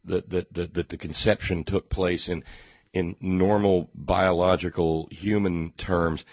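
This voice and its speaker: A deep, husky man delivers a sarcastic talk-show monologue that rambles and stumbles over repeated words. His voice is dry and close, and the recording sounds dull and lo-fi. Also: level tone, unhurried, no room sound. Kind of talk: political commentary monologue.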